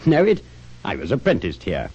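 Man voicing an old miser, halting and emotional, lowish voice, storybook reading, dull lo-fi recording. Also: wildly swooping pitch, vocal fry, darkish tone, breathy edge, full character voice. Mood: wistful.

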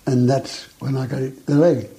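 An older man recalling events in a halting, plain-spoken way in an interview. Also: mid-range voice, little pitch movement, warm tone, poor audio. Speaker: war veteran interviewee.

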